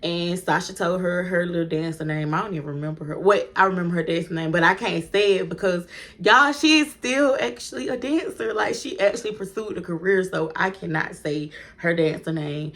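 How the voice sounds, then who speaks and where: A vlogger with a slightly low voice speaks briskly and directly to her viewers while telling a storytime. She's animated and chatty, swearing freely and laughing often.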